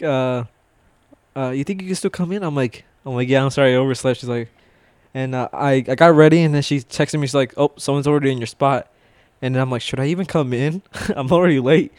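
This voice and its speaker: A man telling stories in easygoing conversation, rambling and laughing often as he goes. He swears freely, and his voice sits at an ordinary middle pitch. The sound is dry and close, with no room around it. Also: darkish tone, dry recording. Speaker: warehouse worker telling stories. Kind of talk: casual chat.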